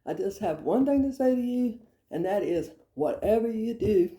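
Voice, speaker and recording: A woman's voice: medium pitch, expressive, normal speed, dark tone. A woman telling rambling comic childhood stories, breaking into exasperated rants. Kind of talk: casual comedic storytelling. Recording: echoey room.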